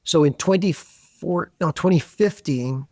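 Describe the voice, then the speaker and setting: A middle-aged man from Canada, a podcast guest telling animated, self-deprecating stories in a relaxed conversation. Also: a little high, a little slow, no echo, clean studio sound. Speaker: interview guest. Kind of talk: conversational interview.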